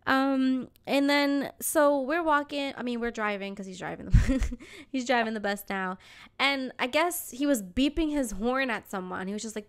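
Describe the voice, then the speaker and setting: A young woman hosting a podcast, telling a story in casual chat, animated and acting out the voices of people in it. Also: fairly high pitch, normal speed, smooth. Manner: animated, acts out voices in her stories, swears casually. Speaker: podcast host.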